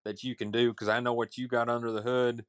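A man's voice: mid-range voice, little pitch movement, brisk, no room sound, studio quality. A man, co-hosting a podcast and teasing his friends in a folksy way. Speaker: podcast co-host. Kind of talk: casual chat.

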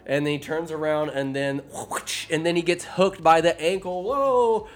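Man, comedic film recap, profane, rambling, sarcastic asides, a bit high-pitched, faint music behind. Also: fairly even intonation, normal speed. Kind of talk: casual comedic story recap.

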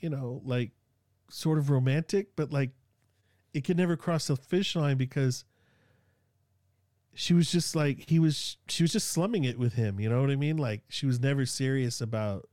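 A man's voice: medium pitch, darkish tone, no echo, clean studio sound. Rambling man with a loose Sacramento drawl. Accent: Northern Californian. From Sacramento, California. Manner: rambling, loose, lots of fillers and slang. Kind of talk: casual chat.

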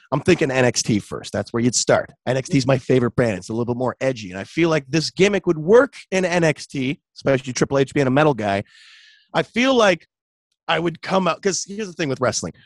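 A young man, a radio host, chatting casually in an interview, relaxed and full of "dude" and "like". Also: medium pitch, no room sound. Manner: laid-back, chatty, says "dude" and "like" often. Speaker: radio host and metal vocalist.

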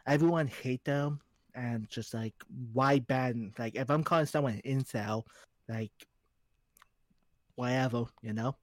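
A man's voice: medium pitch, measured pace, dry recording. A man guesting on a casual podcast, talking bluntly and swearing often about things that annoy him. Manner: blunt, profane and exasperated. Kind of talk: casual chat.

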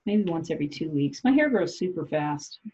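A woman's voice: deep voice, expressive, a little fast, warm tone, lo-fi sound. A woman from South Dakota hosting a podcast, chatting loosely and laughing as she acts out what people say. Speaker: podcast host. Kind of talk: casual chat.

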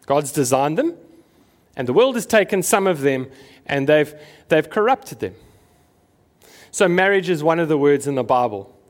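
A man's voice: a little high, sing-song, normal speed, long pauses. A man preaching a conversational sermon to his congregation, asking them questions as he goes. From South Africa. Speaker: pastor.

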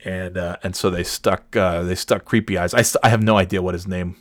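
A man's voice: low-pitched, steady tone, brisk, dry recording. A man telling a rambling, profane workplace anecdote in a casual monologue, full of fillers and growing exasperation. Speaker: storyteller.

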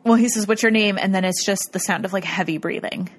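A woman's voice: medium pitch, steady tone, fast talker. A woman casually recapping a show in a rambling way, full of "like" and frequent laughter. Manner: rambling, lots of "like", bursts of laughter. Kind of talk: casual chat recapping a ghost-hunting show.

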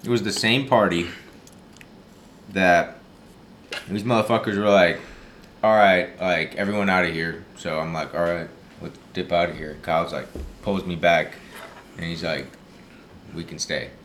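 A young man recounting a party story to a friend in a low, laid-back voice. He acts out what people said along the way. A faint background noise sits under the recording. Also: fairly even intonation, a little slow, long pauses, fairly bright tone. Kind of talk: casual chat.

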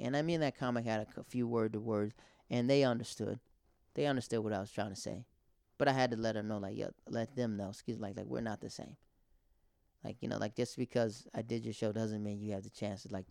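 A man's voice: medium pitch, gravelly, darkish tone, no room sound. Young male comic host, loose rambling monologue, dry close mic. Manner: rambling, conversational, filler-heavy. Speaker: podcast host and stand-up comic. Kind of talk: casual monologue.

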